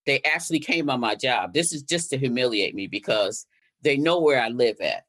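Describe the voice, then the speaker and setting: A woman's voice: very deep voice, lively intonation, normal speed, a bit bright. An older woman from Connecticut, a guest and activist, telling her story in conversation and acting out the exchanges she quotes. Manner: recounting events, re-enacting exchanges in quotes.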